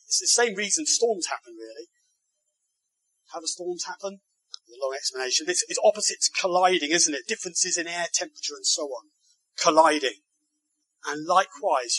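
A man's voice: high-pitched, pushed and bright, husky, no room sound, rough recording. A man preaching a sermon, who speaks in emphatic, building phrases and keeps asking the congregation rhetorical tag questions.

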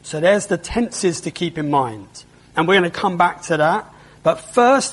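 Guy preaching, kinda high husky voice, takes it slow, keeps asking the church stuff like "isn't it?". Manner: explains patiently, asks the congregation rhetorical questions. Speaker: pastor. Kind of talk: sermon.

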